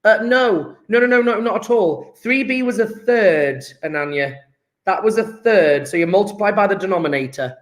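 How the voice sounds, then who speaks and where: A man's voice: high-pitched, expressive, moderate pace. A man teaching a live online chemistry lesson, working through sums aloud in a chatty, joking way.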